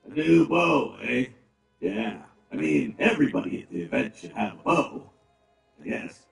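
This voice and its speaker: A man's voice: mid-range voice, sing-song, a little slow, exaggerated voice. An actor playing a big, blunt male orc who grumbles and talks with dry sarcasm. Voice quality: gravelly. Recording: roomy, distant, game music behind.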